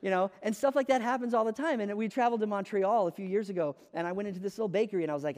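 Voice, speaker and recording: A man's voice: high-pitched, rapid-fire, hardly any pauses, darkish tone, big-room sound. An American man preaching a sermon in a conversational, self-deprecating storytelling way, with frequent fillers. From United States.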